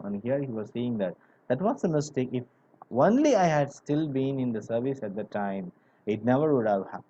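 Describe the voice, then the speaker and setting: Mellow-voiced male teacher explaining a story. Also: mid-range voice, very animated, normal speed, a little hiss or hum. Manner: explains word by word, many "you know" fillers. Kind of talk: classroom literature lesson. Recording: dull lo-fi recording.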